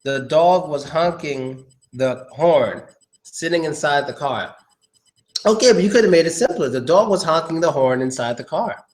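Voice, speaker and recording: A man runs a laid-back English lesson and jokes his way through the examples. His voice sits a bit high, and he pauses often to think aloud. The room around him sounds echoey. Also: lively intonation, a little mellow. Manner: casual, joking, thinks aloud. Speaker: English teacher. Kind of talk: live online English lesson.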